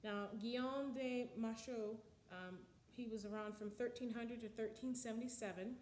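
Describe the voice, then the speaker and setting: A woman's voice: on the high side, steady tone, normal speed, darkish tone, echoey room, a little hiss or hum. A woman teaching music history in a slide lecture, explaining with frequent ums and counting out the beats.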